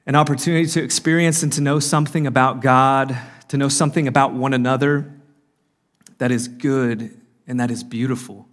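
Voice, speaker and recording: A man speaking earnestly at a marriage conference, giving a faith-based talk with frequent fillers and restarts. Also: mid-range voice. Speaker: conference speaker and podcast host. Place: conference hall.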